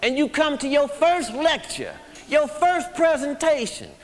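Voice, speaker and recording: High-voiced man giving a slow recovery talk. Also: big pitch swings. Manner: blunt, emphatic, checks in with the audience. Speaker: recovery speaker. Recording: long reverb of a hall.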